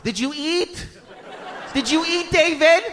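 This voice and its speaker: A man's voice: extremely high pitch, takes it slowly, fairly bright tone, pitched above the performer's own voice, exaggerated voice. A comedian voicing an anxious mother who repeats insistent questions. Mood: nagging.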